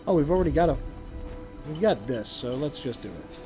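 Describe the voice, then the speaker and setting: A man's voice: a little high, sing-song, a little fast, dark tone, faint music behind. A man streaming a survival game, chatting casually with laughing asides. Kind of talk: casual gameplay commentary.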